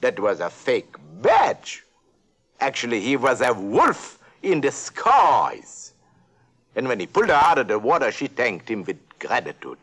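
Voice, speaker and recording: A man's voice: mid-range voice, huge pitch swings, a little slow, a bit bright, full character voice. An actor playing an eccentric old male duck professor, rambling and giggling as he tells a storybook tale. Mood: playful. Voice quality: giggly, rambling, self-correcting. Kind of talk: storybook narration for a talking toy.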